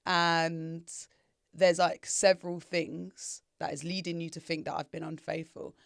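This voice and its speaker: Creaky woman giving chatty advice. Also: low voice, little pitch movement, unhurried, no room sound, clean studio sound. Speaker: podcast co-host. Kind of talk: casual chat.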